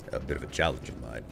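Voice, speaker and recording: A man's voice: rumbling low, gravelly, background noise. A man streaming a game live, chatting with viewers in a loose, rambling way full of fillers and restarts. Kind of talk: casual chat while streaming a game.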